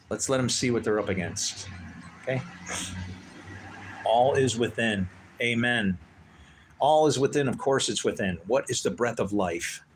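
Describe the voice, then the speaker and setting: A man's voice: fairly low pitch, a bit bright, a little hiss or hum. Heated, cursing man preaching. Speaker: livestream host. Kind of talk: livestream rant.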